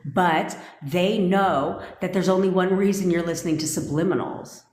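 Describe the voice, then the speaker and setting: Cussing woman coach on a phone livestream, kinda low voice, echoey room, blunt as hell. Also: normal speed, a little mellow. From California. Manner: blunt and profane, heated rants. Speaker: manifestation coach. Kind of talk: casual livestream talk. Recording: roomy echo.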